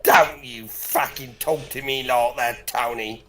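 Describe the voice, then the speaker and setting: A man with a northern English accent, a guest on a livestream, loud, teasing and swearing. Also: medium pitch, fairly even intonation, slow pace, a crowd in the background. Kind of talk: casual comedic banter.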